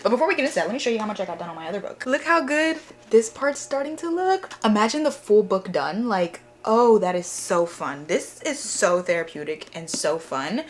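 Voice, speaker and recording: A woman's voice: on the low side, fairly quick, few pauses. Gushing young woman book vlogger. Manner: gushing and excitable, full of likes and repeats. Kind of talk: casual reading vlog chat.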